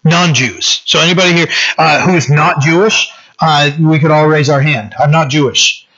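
A male pastor giving a conversational sermon, often checking in with "right?" and pausing on fillers. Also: fairly high pitch, sharp tone. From French-descended local community. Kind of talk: sermon teaching. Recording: dull lo-fi sound.

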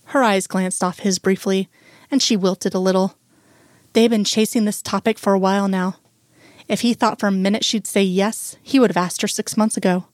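A woman narrating a story with a slow, measured reading. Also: medium pitch, fairly even intonation, darkish tone, no room sound. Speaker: audiobook narrator. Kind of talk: scripted narration of fan fiction.

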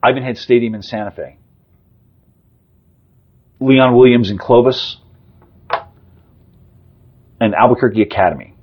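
A man's voice: mid-range voice, slightly rough, muffled recording. A man in his fifties, a sportswriter guest, talking off the cuff with lots of fillers and restarts in a casual sports interview. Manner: rapid off-the-cuff talk with frequent fillers and restarts.

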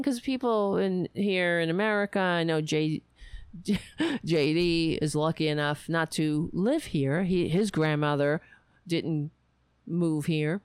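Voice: mid-range voice, clean tone, no echo. A political commentator giving a sarcastic, scornful solo rant, stopping and restarting often.

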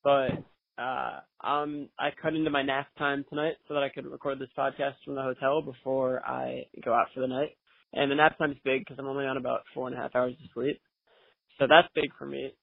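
A man's voice: mid-range voice, little pitch movement, brisk, creaky, no echo. A man with a nasal voice, co-hosting a casual podcast and joking often from a hotel room. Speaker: podcast co-host. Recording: tinny phone line.

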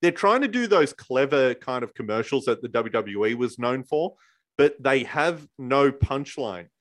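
A man's voice: medium pitch, expressive, a little slow. A man co-hosting a casual podcast, recounting events and acting out quotes in different voices. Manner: storytelling, acts out quotes in voices. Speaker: podcast co-host. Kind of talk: casual chat reviewing wrestling.

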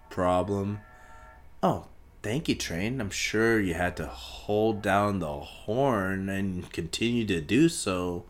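A young man hosting a solo podcast, rambling and swearing casually, talking in circles and breaking into loud shouts. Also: low voice. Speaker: podcast host.

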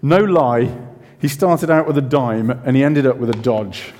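A man giving a sermon in a relaxed, conversational way, full of self-questions and chatty asides. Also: medium pitch, measured pace. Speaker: preacher. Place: church. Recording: reverberant church hall.

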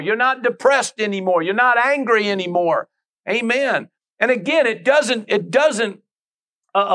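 A man's voice: very high-pitched, a bit bright. A man preaching a sermon as pastor, reading scripture and adding frequent amens.

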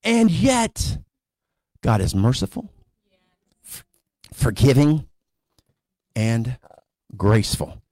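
A male pastor preaching a sermon in a conversational storytelling way, sometimes rising to animated emphasis. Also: mid-range voice, takes it slowly, pauses often, dry recording. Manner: conversational storytelling preacher, voices characters casually.

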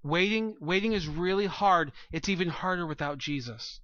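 Bright-voiced earnest pastor preaching. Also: male voice, high voice, moderate pace, no room sound, lo-fi sound. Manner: earnest, rising to emphatic peaks. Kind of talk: sermon. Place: church room with a congregation.

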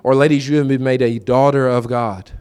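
A man's smooth, slightly mellow mid-range voice stays fairly flat in pitch as he preaches at a fairly quick pace. His conversational sermon relies on storytelling, acting out what he and others said, with key phrases repeated for emphasis.

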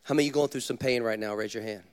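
A man, a pastor, preaching a sermon with animated storytelling and direct questions to the congregation. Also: mid-range voice, rapid-fire, clean tone.

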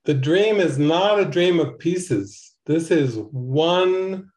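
A man giving slow, earnest spiritual commentary on a TV episode as a teacher. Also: a little high, expressive, darkish tone.

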